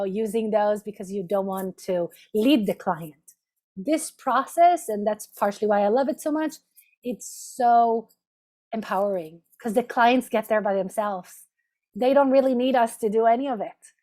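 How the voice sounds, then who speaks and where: Woman therapist, fairly high voice, teaching a lunch-and-learn over a video call, talks step by step with "right?" check-ins. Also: darkish tone. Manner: explanatory, repeats "right?" as a check-in. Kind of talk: professional lunch-and-learn talk. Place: home office, video call.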